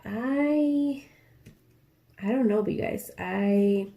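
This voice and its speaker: Speaking very slowly in a creaky, mellow voice of medium pitch, a young woman chats while diamond painting for her craft vlog. Her talk is rambling and ranty, packed with fillers.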